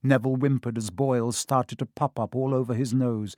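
A man reading a children's fantasy novel aloud in measured, scripted narration. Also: medium pitch, fairly even intonation, a little mellow, no room sound, studio quality. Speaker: audiobook narrator.

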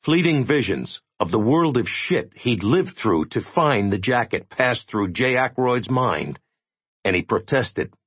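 A man reading an audiobook in expressive scripted narration, on a dry, dull recording. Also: mid-range voice, a little slow, breathy edge, no echo.

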